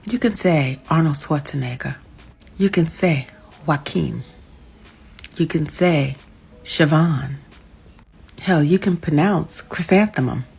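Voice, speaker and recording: A woman's voice: low-pitched, takes it slowly, creaky, long pauses, darkish tone, slightly rough, soft background music. A woman delivering a pointed, scolding rant in a reaction video.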